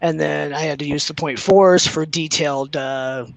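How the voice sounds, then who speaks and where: A man hosting a casual stream chat, easygoing and quick to agree. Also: fairly high pitch, creaky, no room sound. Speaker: streamer host.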